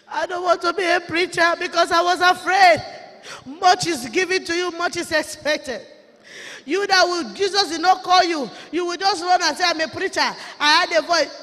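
A very high-pitched woman preaches an impassioned testimony, her bright, ringing voice carrying a tearful fervor. Her phrasing is plain and broken, and long reverb trails behind her words in a church conference hall. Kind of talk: fervent sermon testimony.

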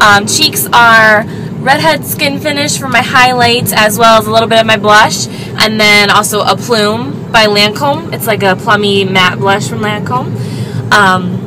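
A young American woman with a slight East Coast accent, chatting casually to camera as a beauty vlogger, rambling with lots of fillers. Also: mid-range voice. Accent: American, slight East Coast trace. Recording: noisy background with traffic.

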